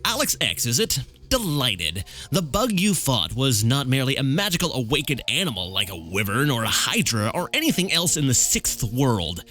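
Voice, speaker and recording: A man's voice: mid-range voice, big pitch swings, moderate pace, pushed and bright, faint music behind. A man voicing a theatrical painted elf man with polished, showy speech.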